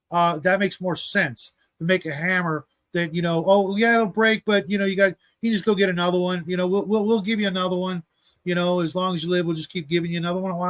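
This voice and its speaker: A man's voice: sits high, a bit bright. A man co-hosting a casual livestream chat, ranting in an exasperated way with lots of fillers. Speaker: podcast co-host.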